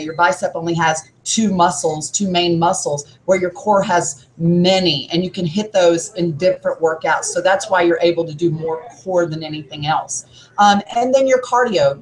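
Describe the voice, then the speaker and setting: A woman's voice: fairly low pitch, a little hiss or hum, rough recording. A woman who works as a gym trainer, a podcast guest giving upbeat, coach-like workout advice.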